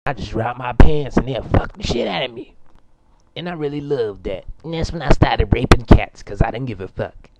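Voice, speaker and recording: A young man plays a crude, boastful, foul-mouthed character, rambling and stumbling through an improvised comedy monologue full of fillers and profanity. His mid-range voice has lively intonation at normal speed and sounds close to everyday speech. The muffled, lo-fi amateur recording has heavy background noise.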